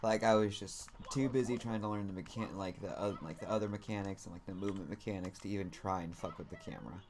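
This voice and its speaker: A man's voice: low-pitched, fast talker. A man streaming a game and telling a story in a loose, casual way, rambling and packing his talk with "like" and "you know", with some casual swearing.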